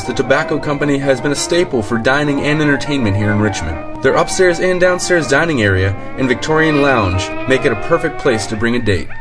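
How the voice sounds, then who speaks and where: A man reading a local radio advertisement in a measured way. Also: medium pitch. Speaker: ad announcer. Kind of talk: radio ad read.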